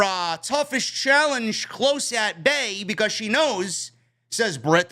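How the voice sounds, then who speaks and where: A man's voice: sits high, fairly bright tone. A man with a New York accent giving a loose, chatty recap of a wrestling show, with fillers and casual swearing.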